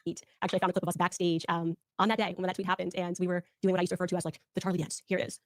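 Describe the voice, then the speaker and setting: Rapid-fire woman telling stories. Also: lowish voice, noisy background. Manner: rapid, animated, mimics others in quotes. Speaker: speaker telling personal stories. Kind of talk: recorded personal storytelling.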